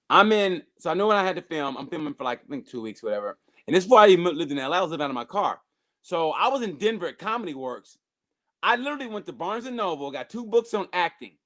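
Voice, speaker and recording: A man telling a long, profane story in casual podcast chat, animated and full of restarts and acted-out quotes. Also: a little high.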